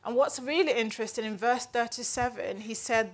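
A woman's voice: a little high, a little fast, hardly any pauses. A woman giving a conversational Bible teaching in an earnest, chatty way, often checking in with "right?". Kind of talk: conversational devotional talk.

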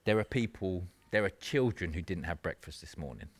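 A man's voice: sits low, animated, brisk. A man preaching a sermon in an earnest, conversational way, with self-mocking asides.

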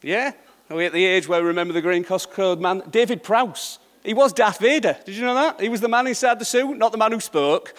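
A man's voice: high-pitched, a little fast, a bit bright, big-room sound. A middle-aged man preaching a sermon in a conversational way, often checking in with the congregation. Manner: conversational, checks in with repeated "yeah?".

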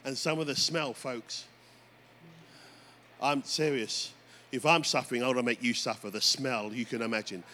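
A man preaching a sermon as pastor, telling stories with lively energy and calling out to the congregation. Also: mid-range voice, normal speed. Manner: animated storytelling preacher, often addressing "folks". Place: church. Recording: faint background noise.

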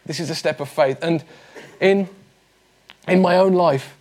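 A man in his forties preaching, his voice sitting a little higher than most men's. He talks to the congregation in an earnest, conversational way and slips in light humor. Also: a little slow, darkish tone, slight background noise. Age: 40s. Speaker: pastor. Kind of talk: sermon.

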